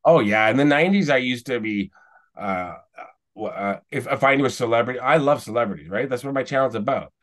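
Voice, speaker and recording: This podcast guest, a celebrity YouTuber from Canada in his forties, spins rambling stories casually, restarting often and chuckling on the side. He speaks fairly quickly at medium pitch, sounding expressive with a fairly bright tone.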